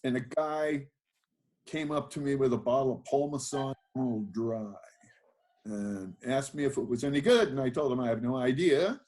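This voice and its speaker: A man's voice: mid-range voice, lively intonation, normal speed, darkish tone. An older man, a winemaker being interviewed, telling his life story in a rambling, self-deprecating way with many fillers and restarts. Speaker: guest, winemaker.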